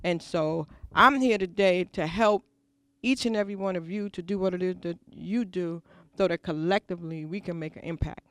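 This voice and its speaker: A woman's voice: fairly low pitch, normal speed, clear, resonant tone, dry recording. A woman on a talk show panel giving an earnest, faith-filled testimony with emphatic phrasing. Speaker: panel guest. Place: school venue.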